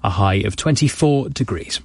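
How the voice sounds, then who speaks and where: Low-voiced radio newsreader. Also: male voice, normal speed, vocal fry. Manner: even, formal reading. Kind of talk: radio news bulletin.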